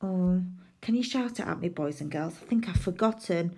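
A woman's voice: on the low side, lively intonation, normal speed, a little mellow. A woman teaching a phonics lesson to young children, sounding out letters and playfully pretending to make mistakes. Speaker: primary school teacher.

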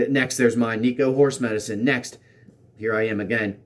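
A man's voice: medium pitch, steady tone, normal speed. A man hosting a political commentary show, reading out tweets and mocking them sarcastically, repeating lines for emphasis.

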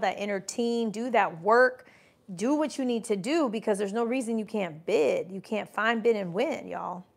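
Gravelly woman, emphatic live-stream host. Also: a little high. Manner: emphatic and motivational, reading chat comments aloud; mimics doubters in mocking voices. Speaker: livestream host and business coach. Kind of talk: casual live-stream talk.

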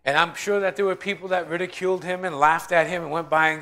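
Animated man teaching a Bible study. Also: on the high side, fast talker, few pauses. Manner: animated storytelling, acting out quoted voices. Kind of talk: informal sermon.

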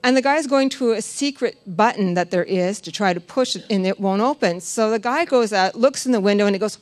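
Woman telling her testimony at church, lively storyteller, laughs a lot, mid pitched voice. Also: a little fast, no echo. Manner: animated storytelling, laughs often, quotes others in acted voices. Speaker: church member giving testimony. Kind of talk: personal testimony at a church service. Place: church sanctuary.

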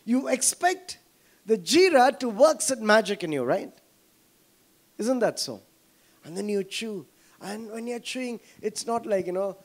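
Indian guy preaching, tamil accent, pretty high voice, keeps asking the church questions. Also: lively intonation, unhurried, long pauses. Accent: Indian English, Tamil. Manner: preaching with constant rhetorical questions to the congregation. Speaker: pastor. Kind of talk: sermon.

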